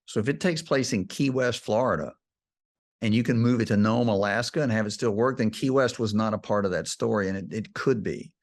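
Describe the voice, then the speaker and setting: Man, screenwriting teacher, podcast guest, somewhat low voice, emotional storyteller. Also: fairly quick. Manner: animated retelling, gets choked up. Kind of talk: casual storytelling interview.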